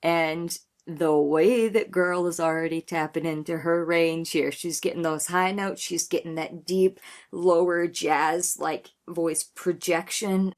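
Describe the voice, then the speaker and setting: Slow and fairly even in intonation, a woman in her thirties with a lowish voice hosts a music reaction video. She speaks casually and effusively, using lots of "like" fillers.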